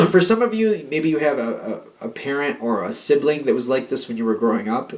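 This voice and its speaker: A man's voice: medium pitch, animated, fairly quick. A man giving a casual tarot reading to camera, talking in a hesitant way, often repeating words and using fillers. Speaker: tarot reader.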